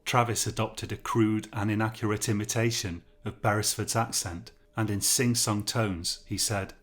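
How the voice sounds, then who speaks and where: A male narrator reading a horror story aloud in scripted style. His voice sits on the lower side and moves at a measured, steady storytelling pace.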